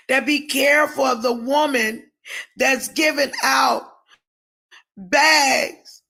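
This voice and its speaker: A woman preacher on a live stream, ranting emotionally and speaking straight to her viewers by name, often rising to shouts. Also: high-pitched, vocal fry.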